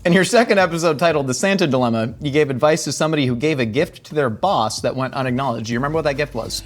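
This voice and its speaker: A man hosting a cooking show, joking in a playful deadpan way with his guest. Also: medium pitch. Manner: quick, playful, deadpan jokes. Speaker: show host. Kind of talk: casual chat. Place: studio kitchen.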